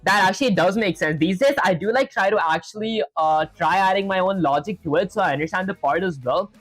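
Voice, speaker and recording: A man's voice: high voice, a little fast, a bit bright, no echo. Young guy live coding, talking thru it, dry close sound, faint music behind. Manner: thinks aloud, reads chat to viewers. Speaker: livestreaming programmer. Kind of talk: casual live coding chat.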